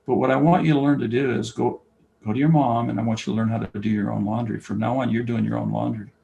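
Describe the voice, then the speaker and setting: An older man, a basketball coach and camp founder, talking as an interview guest, telling stories and acting out quoted dialogue, from loud to whispering. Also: mid-range voice, fast, creaky, dull audio, slight background noise. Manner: animated storyteller, acts out quoted dialogue, swings from loud to whispering. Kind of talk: conversational interview, storytelling.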